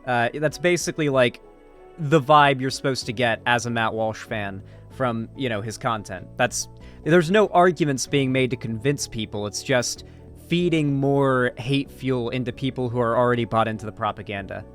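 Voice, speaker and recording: A man's voice: mid-range voice, normal speed, fairly bright tone, soft background music. A man giving casual, profane political commentary on a livestream, loose and full of fillers.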